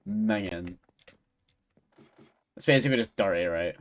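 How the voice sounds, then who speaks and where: A man's voice: medium pitch, lively intonation, moderate pace. A young Scottish man streaming live, chatting casually with viewers in a rambling, sweary way, often breaking into giggles. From Scotland.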